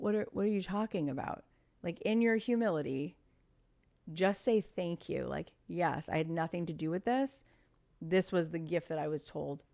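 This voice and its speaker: A middle-aged woman speaking as a podcast guest, talking in an animated way, acting out quotes and sometimes dropping to a whisper. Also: low-pitched, vocal fry. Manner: animated, acts out quotes, drops to a whisper for emphasis. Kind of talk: conversational podcast interview.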